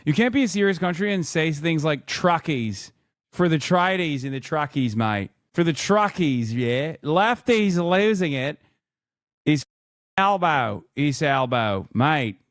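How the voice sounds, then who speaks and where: A man's voice: a little high, expressive, unhurried, fairly bright tone, dry recording, clean studio sound. A man putting on a mocking, put-on Australian accent to play a matey, absurd politician, drawling "mate" and "yeah". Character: mock blokey male politician, matey and absurd.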